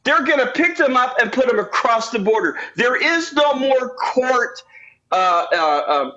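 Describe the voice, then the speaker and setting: A man's voice: very high-pitched, sing-song, unhurried, pushed and bright, lo-fi sound, slight background noise. A man calling in to a live show who argues insistently and often repeats himself. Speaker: caller. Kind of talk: heated political argument.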